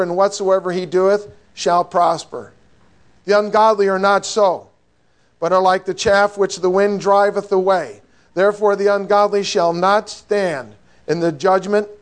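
Male pastor, high-pitched, conversational sermon delivery with light humor and rhetorical questions. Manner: conversational, joking, asks the listeners rhetorical questions. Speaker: preacher.

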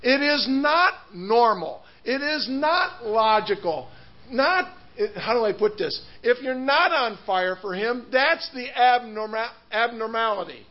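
A man's voice: very high voice, animated, a little slow, highs cut off. A man preaching a sermon, telling a story with laughs and restarts before turning to scripture. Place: church hall.

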